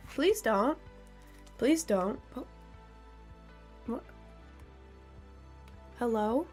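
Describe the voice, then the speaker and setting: A woman's voice: sits high, very animated, extremely slow, long pauses, darkish tone, faint music behind. A young woman streamer in casual live-stream chat. She giggles often, reads viewers' questions aloud, and answers them playfully.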